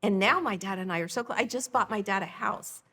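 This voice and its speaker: A woman's voice: mid-range voice, brisk, husky. A middle-aged woman, a podcast guest, telling her personal story with animation and acting out the dialogue. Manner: animated, acts out quoted dialogue. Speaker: guest, nonprofit founder.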